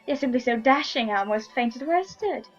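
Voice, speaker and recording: A woman's voice: high voice, lively intonation, fairly quick, highs cut off, soft background music. A woman voicing a bubbly young noblewoman in a story game, eager and breathless. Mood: excited. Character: bubbly young noblewoman, gushing over officers.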